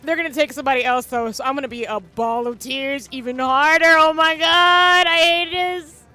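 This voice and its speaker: A woman's voice: high-pitched, fairly quick, pushed and bright, soft background music. A woman streaming a game and chatting casually, emotional and gushing, breaking into tears. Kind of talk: casual live-stream commentary.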